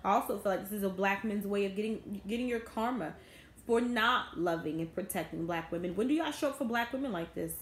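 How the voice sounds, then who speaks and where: A woman's voice: mid-range voice, brisk. A woman, ranting to her viewers in a bitter, indignant vlog. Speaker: vlogger. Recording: echoey room, faint background noise.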